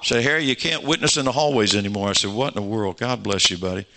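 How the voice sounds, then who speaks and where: A man's voice: on the low side, fast, bright, forceful tone. A pastor in his sixties, preaching a sermon and telling stories with acted-out dialogue, building to fervent exhortation.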